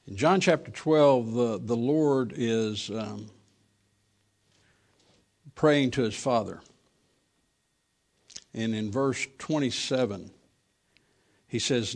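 A man preaching a sermon, reading old scripture verses slowly and then talking them over plainly with fillers and restarts. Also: mid-range voice, creaky, a little mellow.

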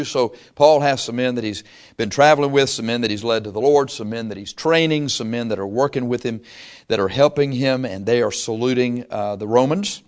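A man's voice: mid-range voice, moderate pace. A man, a pastor, teaching the Bible to his congregation in an easygoing, storytelling way, often asking them questions. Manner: conversational storytelling, asks the congregation questions, chuckles.

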